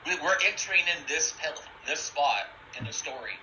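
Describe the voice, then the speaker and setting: A man's voice: on the high side, lively intonation, normal speed, bright, forceful tone. A man acting as game master, laying out story options in a rambling, thinking-aloud way. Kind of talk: running a tabletop game over voice chat. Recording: dull lo-fi mic with faint hiss.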